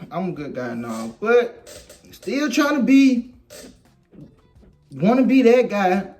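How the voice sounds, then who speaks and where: A man's voice: high voice, sing-song, slow, a little mellow, faint music behind. A young man in his twenties chatting casually, laid-back and reflective, with lots of "you know.". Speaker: husband co-host.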